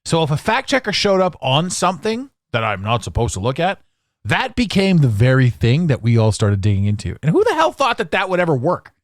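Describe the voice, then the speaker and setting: A man's voice: a little high, huge pitch swings, brisk, dry recording, clean studio sound. A tired man in his forties from Canada, ranting sarcastically in a rambling solo podcast monologue. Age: 40s. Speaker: podcast host.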